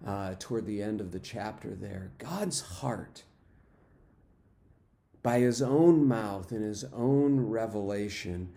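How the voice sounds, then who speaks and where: Slow, mellow-voiced male preacher. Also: on the low side, creaky. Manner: unhurried preaching with fillers and repeated phrases. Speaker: pastor. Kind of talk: sermon.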